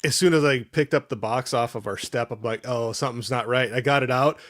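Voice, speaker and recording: A man's voice: medium pitch, a little fast, fairly bright tone, no room sound, clean studio sound. Chatty man laughing through a livestream. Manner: rambling, laughs often, reads chat aloud. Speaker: host. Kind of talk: casual livestream chat.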